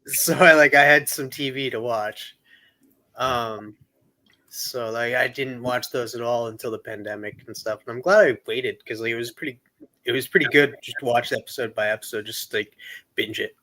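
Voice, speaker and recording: A man's voice: medium pitch, steady tone, moderate pace, pushed and bright, rough recording. Easygoing man in casual chat. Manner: easygoing, filler-heavy.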